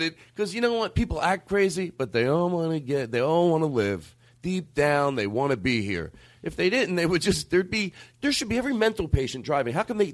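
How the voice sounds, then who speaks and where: A man hosting a comedy podcast, rambling and going off on tangents. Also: sits high. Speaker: podcast host. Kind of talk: improvised comedy chat.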